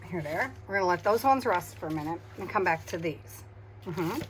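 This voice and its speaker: A woman, tired after a migraine, chatting softly to herself while she crafts, humming and murmuring as she works. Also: fairly low pitch, lively intonation, fairly quick, a little hiss or hum. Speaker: craft video host.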